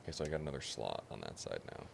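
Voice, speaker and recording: Very deep gravelly male streamer. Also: very animated, very fast, background noise. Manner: mutters reactions and reads game text aloud. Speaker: streamer playing a game. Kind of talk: casual gameplay commentary. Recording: game music playing behind voice.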